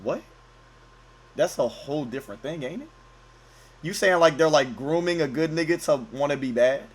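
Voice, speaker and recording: Speaking at normal speed in a slightly high voice, a young man streams from home at night, keeping quiet. He talks over a video he's reacting to, using joking, profane, casual slang.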